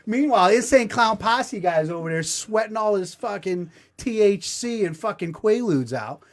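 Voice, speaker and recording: With a high-pitched, animated voice at a moderate pace, a man hosting a podcast tells a comedic story. The telling is casual, profane and self-mocking.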